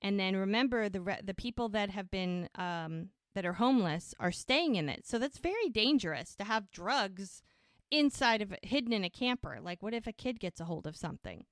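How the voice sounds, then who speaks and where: A woman's voice: mid-range voice, expressive, normal speed, dry recording, clean studio sound. Chatty woman recapping an episode. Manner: chatty storytelling, acts out quotes. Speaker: podcast co-host.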